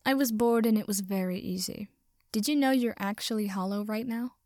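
A woman voicing a sulky young male ghost who speaks in a flat, deadpan way. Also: mid-range voice, fairly quick, no room sound, studio quality, natural voice.

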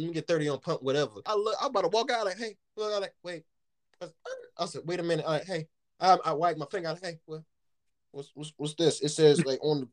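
Animated, laughing man telling stories. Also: a little high, dry recording. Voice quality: animated, laughs often, swears freely. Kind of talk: casual storytelling chat.

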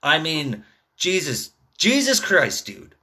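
A man's voice: a little high, huge pitch swings, slow, pushed and bright, husky. A man in his thirties rambling through a casual, profane rant, tagging his sentences with "dude" and "man.". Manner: rambling, swearing constantly, drawled "dude" and "man" tags.

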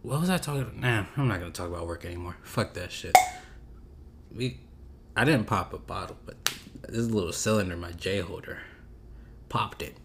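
A man's voice: low voice, fairly quick, creaky, pauses often, heavy background noise. A man hosting a casual solo podcast, talking in a laid-back, rambling, slangy way that drifts off topic. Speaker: podcast host.

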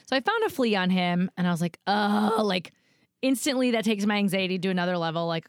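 A woman's voice: brisk, no room sound, studio quality. A woman in her thirties telling a story in casual chat, her voice leaping up when she acts out her own panic. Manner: animated storyteller, voice jumps high when acting out panic.

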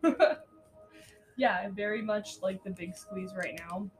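Faint music plays behind this woman's mid-range voice as she speaks at a measured pace. Co-hosting a podcast, she chats casually about astrology and spirituality, cursing freely and laughing a lot.

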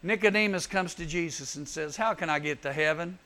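Gravelly high-voiced preacher. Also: male voice, a little fast. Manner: animated storytelling, acts out Bible voices. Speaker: youth speaker. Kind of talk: youth sermon.

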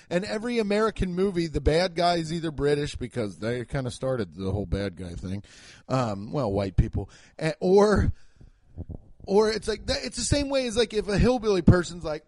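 A man doing a stand-up comedy routine, ranting in an animated, profane way. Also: sits high, normal speed.

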